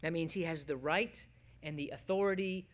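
A man preaching a sermon to his congregation as pastor, swinging between loud emphasis and hushed, quiet lines. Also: fairly high pitch, moderate pace.

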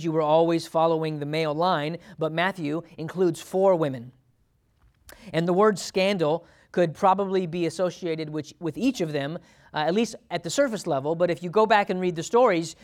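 Here a preacher gives a relaxed, chatty Bible sermon, with soft laughs between points. His voice is a little high for a man and climbs even higher when he performs quoted lines.

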